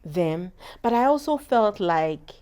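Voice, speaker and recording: A woman in her thirties with a Ghanaian accent, a guest on an interview show, telling her story in lively, animated talk. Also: medium pitch, slow, smooth. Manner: animated storyteller, acts out quoted voices. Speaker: guest, cake business founder.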